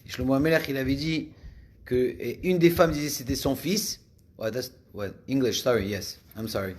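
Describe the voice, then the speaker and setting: Male teacher, mid pitch, halting delivery, restarts often mid-sentence. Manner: halting, many restarts, switches between languages. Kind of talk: religious class talk.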